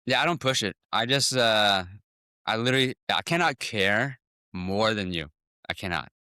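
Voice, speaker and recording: A man, a dentist, speaking as a guest in a casual podcast interview, talking quickly with many restarts and acting out conversations with patients. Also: lowish voice, animated, bright, forceful tone, clear, resonant tone, dry recording, clean studio sound. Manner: fast, full of restarts, acts out patient talks.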